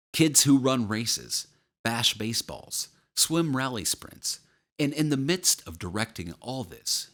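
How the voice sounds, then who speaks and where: A male narrator with a lowish voice reads a horror novel in a measured, steady way. His delivery is even and unhurried, carrying the story's quiet dread. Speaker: audiobook narrator. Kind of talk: scripted audiobook narration.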